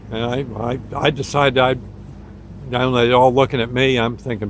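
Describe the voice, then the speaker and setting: A medium-pitched man with a level tone and moderate pace recalls a shift from his time on an ambulance crew. His casual story is folksy and rambling, with chuckles between phrases, and there's slight background noise.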